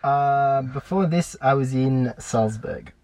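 A man's voice: medium pitch, slow, a little mellow. A man co-hosting a casual podcast chat, with a nasal voice and a self-mocking, chatty manner, recorded on a phone in a small capsule. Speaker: podcast co-host. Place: small sleeping capsule in a hostel.

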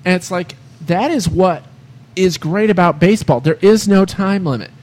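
A man's voice: sits high, moderate pace, a little mellow. A man hosting a casual sports podcast, rambling through long baseball stories full of "you know" and "I mean".

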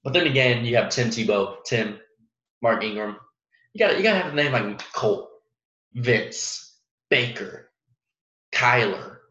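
A young man hosts a casual sports podcast on his own, rambling through fillers and restarts and chuckling at his own jokes. His voice sits at a middle pitch. The recording sounds roomy and a little dull and muffled. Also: animated, a little slow, pauses often, pushed and bright. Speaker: podcast host. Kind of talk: casual solo sports talk.

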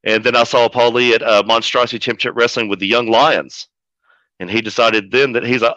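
Cussing wrestling manager guy spinning a story, sharp bright voice, dull lo-fi audio. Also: mid-range voice, a little fast, no room sound. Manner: profane, animated storyteller. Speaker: wrestling manager, podcast guest. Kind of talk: casual storytelling.

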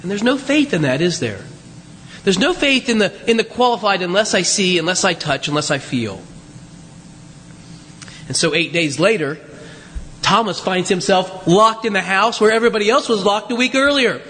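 Male pastor, very high voice, sermon, chatty rhetorical questions, long church reverb. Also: expressive, moderate pace, pushed and bright. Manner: conversational, frequent rhetorical questions and asides. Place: church sanctuary. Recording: long reverb of a large hall.

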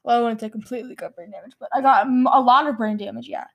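Woman, high voice, improvised comedy sketch, rambling, silly, drawn-out words. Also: vocal fry, highs cut off. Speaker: guest playing a charity founder.

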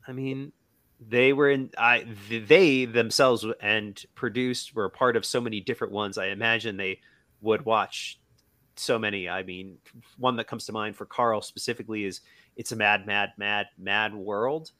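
A man's voice: fairly low pitch, steady tone, moderate pace, pushed and bright, no echo. A man co-hosting a casual podcast, telling anecdotes in a rambling way with many fillers and restarts. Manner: rambling storyteller, acts out quoted voices. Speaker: podcast co-host.

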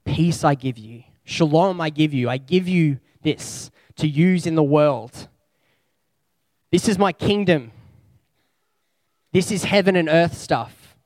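A man delivering a sermon in an easy, conversational tone, his voice pitched a little high. He talks through his points reflectively and strings out slow lists of words. The sound is close and dry. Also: a little mellow, dry recording. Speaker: preacher.

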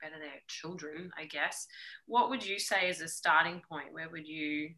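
A woman hosts a casual podcast interview. Her voice sits a little low but has a sharp, bright edge. She affirms what her guest says and follows up with open questions. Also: fairly even intonation, normal speed, rough recording. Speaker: podcast host.

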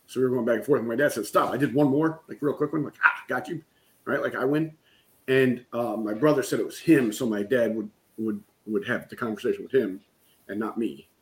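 A middle-aged man speaking as a guest in a conversation, with a voice at an ordinary pitch. He tells a painful personal story candidly and keeps checking in with "right?". The delivery is conversational and open. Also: a little fast, a little mellow. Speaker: guest, business coach.

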